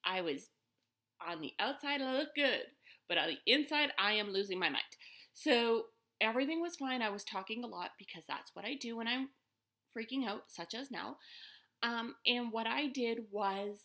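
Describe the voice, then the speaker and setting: A woman's voice: on the high side, animated, moderate pace, pushed and bright. A woman telling a personal story to the camera in a casual, rambling way, with lots of fillers and restarts.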